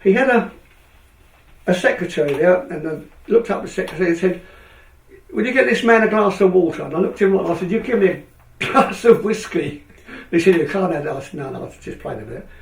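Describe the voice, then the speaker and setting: An older Englishman, once a speedway rider, tells a long anecdote in a high, brisk voice. He's an animated storyteller who acts out the other people's lines. The sound is echoey, captured from a distance in a room.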